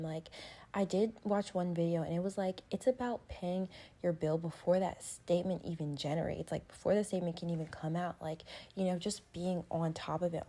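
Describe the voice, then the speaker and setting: A woman's voice: on the low side, warm tone. A young woman vlogger in a casual sit-down chat, talking candidly and loosely with lots of "like" and "um". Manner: chatty, frequent "like" and "um", candid.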